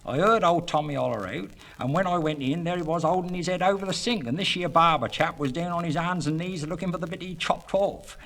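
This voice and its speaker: A man's voice: a little high, brisk, creaky, few pauses, fairly bright tone. A man with a rural southern English accent spinning comic country yarns in a drawling dialect monologue, with chuckling asides.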